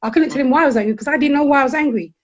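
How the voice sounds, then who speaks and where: A woman's voice: high voice, highs cut off. A middle-aged woman, speaking candidly as a guest counsellor and acting out quotes in her stories. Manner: animated, frank, quick to act out quotes. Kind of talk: candid conversational storytelling.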